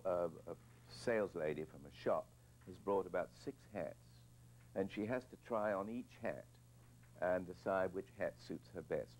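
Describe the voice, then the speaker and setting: Low gravelly older man telling stories. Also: a little mellow, slight background noise, rough recording. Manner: hesitant, repeats words while searching. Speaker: film director interviewee. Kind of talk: reflective anecdote telling.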